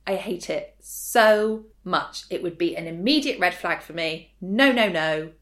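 Woman in her thirties, lower voice, frank and dryly funny, podcast co-host. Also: measured pace. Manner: frank, opinionated, dry humor. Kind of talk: casual chat.

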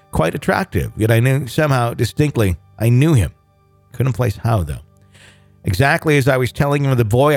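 A man reading a listener's ghost story aloud in a measured, steady way, then chatting about it as host. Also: mid-range voice, no room sound. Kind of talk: read-aloud narration and casual chat.

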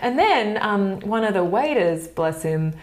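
An actress, a woman, telling a story in casual conversation as a podcast guest, animated and laughing often mid-sentence. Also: mid-range voice, unhurried.

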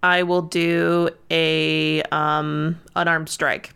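Gravelly-voiced woman playing a tabletop game. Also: low-pitched, flat delivery, very slow, fairly bright tone. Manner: hesitant, thinking aloud with fillers. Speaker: player. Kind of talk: casual tabletop game chat.

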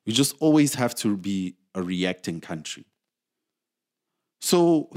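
A man's voice: sing-song, slow, long pauses. Angry South African man ranting. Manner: angry, emphatic, many restarts, swings from loud peaks to low mutters. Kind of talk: casual ranting commentary.

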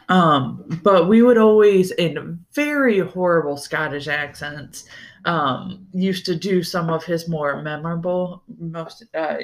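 A young adult man hosting a podcast on his own, talking in a loose, rambling way with lots of "like" and casual swearing. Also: on the high side. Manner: rambling and loose, swears freely, many fillers like "like". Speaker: podcast host. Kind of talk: casual solo podcast chat.

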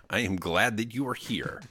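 A man's voice: fairly low pitch, a little slow, bright, forceful tone. A man putting on a stilted, mechanical voice as a stiff, overly formal person imitating a robot. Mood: robotic.

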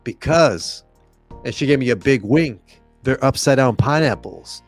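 A man's voice: medium pitch, measured pace, faint music behind. A young man casually telling a story on a podcast, acting out the voices of the people in it and laughing often. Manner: animated, acts out quoted voices, laughs often. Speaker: podcast storyteller, former club DJ.

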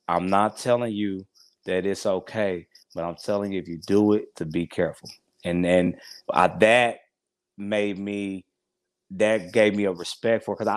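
A man in his forties speaks in a low voice, heartfelt and a little rambling as he restarts his thoughts. The sound is dry and close, with no room around it. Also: fairly even intonation, unhurried, dry recording. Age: 40s. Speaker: podcast guest. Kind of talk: casual interview chat.

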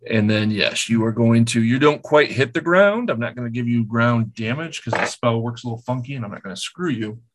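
A man at an ordinary middle pitch runs a tabletop game, narrating actions and calling for rolls in a relaxed, halting way with plenty of ums. He laughs easily with his players. A faint hiss of noise sits behind his voice. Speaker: game master.

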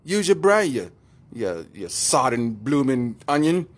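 A man's voice: mid-range voice, sing-song, measured pace. A man voicing a cocky, taunting armless and legless teenage punk boy with a put-on English accent. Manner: taunting, mocking, cheeky.

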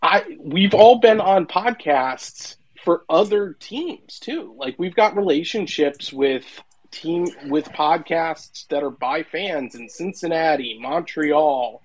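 An earnest man rambling at length in casual podcast chat. His voice sits a bit high, and he keeps going with warm sincerity. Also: lively intonation, takes it slowly, a little hiss or hum, poor audio. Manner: long-winded, earnest. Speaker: podcast regular.

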